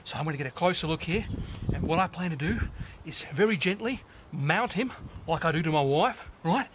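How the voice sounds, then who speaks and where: A man's voice: fairly high pitch, animated, a little fast, noisy background, natural voice. A man putting on a brash Australian wildlife-show host with a broad drawl. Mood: hushed showman.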